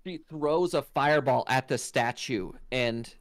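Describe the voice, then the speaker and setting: A man runs a tabletop fantasy game with animated storytelling, acting out sound effects as he describes the scene. His voice sits in an ordinary middle range and is recorded dry and close, with no room echo. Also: medium pitch, unhurried. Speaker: game master.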